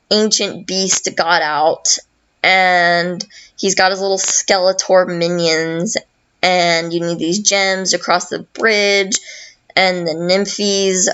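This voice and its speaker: A woman's voice: fairly low pitch, fairly bright tone, clean tone, lo-fi sound. A woman hosting a podcast, casually recapping a video game in a rambling, profane way full of fillers. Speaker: podcast host.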